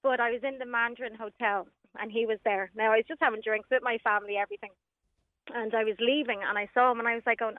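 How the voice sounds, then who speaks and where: A woman's voice: fairly high pitch, steady tone, quick pace, no echo. A woman calling in to a radio show, chatty and telling her story. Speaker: caller. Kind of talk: phone-in chat. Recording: muffled phone line.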